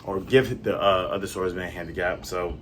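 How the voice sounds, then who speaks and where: A man's voice: low voice, fairly even intonation, a little fast, a bit bright, a little hiss or hum. A man casually recapping a comic chapter in a rambling, chatty way with many fillers. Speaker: comic reviewer.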